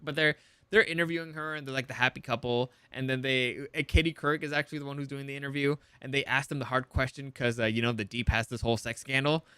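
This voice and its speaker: A man's voice: medium pitch, fairly even intonation, fast, pushed and bright, clean tone, dry recording. A man casually recapping a TV episode, rambling and profane, full of fillers and restarts. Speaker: TV show reviewer.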